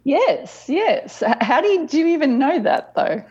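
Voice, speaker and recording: A woman's voice: high-pitched, very animated, normal speed, darkish tone. Australian woman guest, friendly, chatty, muffled lo-fi remote line. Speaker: podcast guest. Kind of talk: casual conversation.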